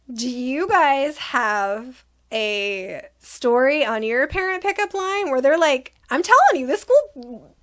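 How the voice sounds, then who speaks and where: A woman's voice: high voice, fairly bright tone. A young adult woman telling a storytime vlog to her viewers, retelling the argument with exasperation and quoted dialogue. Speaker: vlogger.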